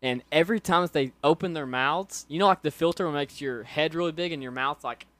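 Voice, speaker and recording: A young man with a slightly raised pitch chats as a podcast guest. He explains things eagerly and casually. The mic is close, and the room is dry. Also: a little fast, a bit bright, no room sound. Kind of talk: casual chat.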